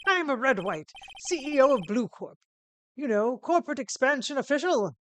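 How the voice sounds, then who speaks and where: A woman's voice: sits high, expressive, moderate pace, a bit bright, a little hiss or hum, pitched above the performer's own voice. A woman voicing a pompous, arrogant male company boss in a put-on British accent, grandiose and showy with affected words, with game music behind. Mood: haughty.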